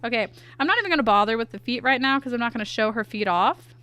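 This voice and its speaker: Young woman artist streamer, playful and chatty, raised pitch, sharp bright tone, soft music behind. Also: animated, fast. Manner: playful, chatty, reacts to chat aloud. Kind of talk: casual livestream chat while drawing.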